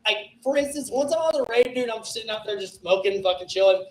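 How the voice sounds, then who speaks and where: A man with a raspy, hoarse voice doing a profane, rambling stand-up set about drug trips at an open mic. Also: high voice, expressive, fast, slight background noise. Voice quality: raspy from festival flu. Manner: profane, rambling stoner storytelling. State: hoarse, coughing. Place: small comedy club stage. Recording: echoey club room.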